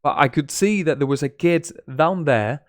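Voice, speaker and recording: A Spanish man, a native Spanish speaker with a Spanish accent, gives a casual live-stream English lesson in a slightly high voice at normal speed. He's chatty and gossipy, swears, and mixes in Spanish, and the recording is clean studio sound with no room sound.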